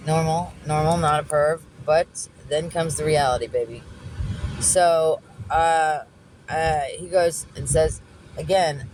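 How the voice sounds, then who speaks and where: A woman telling a story in a loud, animated, profane way, recorded in a car. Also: low-pitched, slow, noisy background. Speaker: delivery driver and vlogger. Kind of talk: casual storytelling.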